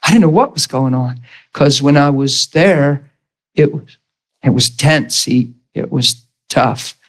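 A man's voice: mid-range voice, fairly even intonation, slow, low-quality recording. Man preaching a storytelling sermon. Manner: storytelling, acts out quoted dialogue with rising and falling voice. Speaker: pastor.

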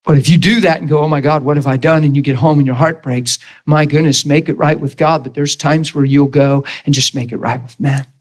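A man's voice: on the high side, fairly even intonation, a little fast, few pauses, darkish tone, husky, low-quality recording. A man, a pastor, preaching a sermon and telling a personal story, acting out the lines of the people in it. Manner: storytelling, acts out quoted dialogue with rising and falling voice.

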